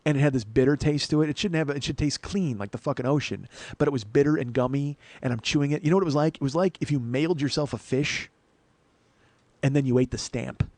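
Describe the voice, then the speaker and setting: Fast-talking, ranting comedian host. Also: male voice, mid-range voice, slight background noise. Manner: profane, ranting, animated storyteller. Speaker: podcast host. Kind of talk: comedic storytelling monologue.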